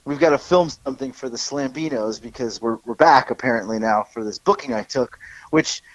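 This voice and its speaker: A man of about forty, co-hosting a podcast, telling stories in a sarcastic, animated way. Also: medium pitch, no echo, poor audio. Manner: animated storyteller, fast sarcastic rants. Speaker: podcast co-host. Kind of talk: casual podcast chat.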